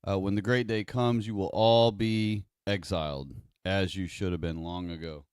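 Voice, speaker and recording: A man with a low, smooth, resonant voice, recorded close and dry with no room sound. He cuts in as a stream host with flat, deadpan remarks. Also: normal speed, dry recording.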